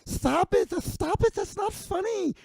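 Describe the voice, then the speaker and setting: A man playing an uptight, pregnant young woman at a bar, talking in a whiny, high, sing-song way. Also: lively intonation, unhurried, gravelly, a little mellow, dry recording, exaggerated voice. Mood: shrill protest.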